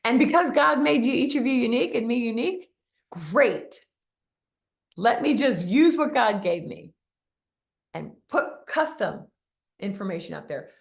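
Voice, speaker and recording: A woman's voice: medium pitch, creaky. A woman running a live-streamed motivational coaching session for real estate agents, who talks emphatically, repeats key phrases and keeps asking viewers to answer in the comments.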